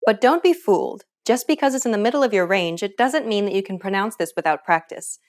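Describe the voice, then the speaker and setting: A woman narrating a scripted lesson, explaining pronunciation clearly and step by step. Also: mid-range voice, animated, fairly quick. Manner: clear, instructive. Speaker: pronunciation teacher.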